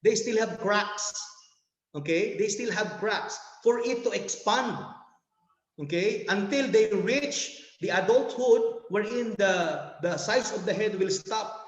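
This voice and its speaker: A man's voice: high voice, slow, roomy sound, long reverb tail, highs cut off. A man with a Filipino accent giving a nervous sales presentation over a video call, laughing and restarting often.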